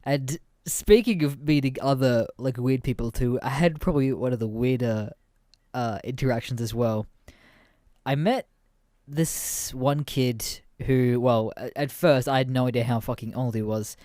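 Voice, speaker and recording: A man's voice: medium pitch, normal speed, mellow, dry recording, studio quality. A sweary man in his twenties telling stories. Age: 20s. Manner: profane, laughs often, rambling with many fillers. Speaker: podcast host. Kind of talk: casual podcast storytelling.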